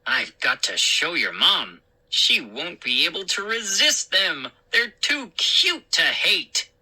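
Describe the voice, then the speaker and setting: A woman's voice: fairly low pitch, sing-song, slow, bright, forceful tone, breathy edge, full character voice, rough recording. A woman voicing a cheerful, joking father in a storybook reading. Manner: jokey, upbeat.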